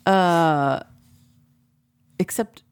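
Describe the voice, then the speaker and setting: A woman's voice: lowish voice, drawn-out words, smooth. A woman in casual chat, rambling and swearing freely. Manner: rambling, frequent profanity.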